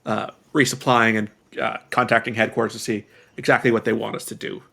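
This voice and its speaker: A man's voice: lowish voice, flat delivery, a little fast, vocal fry, sharp tone, heavily acted. A man voicing a formal, easily offended ship captain in a tabletop game, with stiff politeness. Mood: businesslike. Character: formal male ship captain, prim and touchy.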